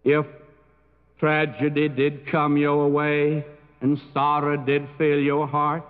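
A man preaching a sermon in a slow, earnest way that swells to emphatic peaks. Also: fairly high pitch, monotone. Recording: tinny narrow-band recording with long reverb.

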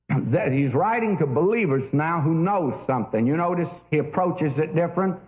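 An older man delivers a sermon in a warm, folksy storytelling manner, full of little pauses and "uh"s. His voice sits somewhat high and moves a lot in pitch. The audio is thin and narrow, like a phone line. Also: animated. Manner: folksy storytelling with many fillers. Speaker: preacher.

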